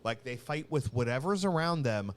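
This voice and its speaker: A man's voice: medium pitch, lively intonation, moderate pace. A man co-hosting a podcast, telling rambling stories in casual chat. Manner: rambling storyteller, acts out quoted voices. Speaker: podcast co-host.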